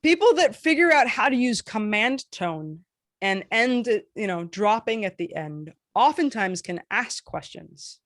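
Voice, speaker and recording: A woman teaching a casual workshop, animated with playful asides as she demonstrates intonation. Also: mid-range voice, a little slow, no echo, clean studio sound. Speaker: workshop facilitator.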